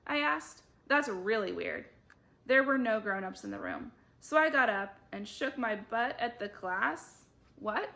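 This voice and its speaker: A woman reading a children's chapter book aloud, lively, with big jumps in her voice as she voices the children and teachers. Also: a little high, a little slow, creaky. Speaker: book club reader.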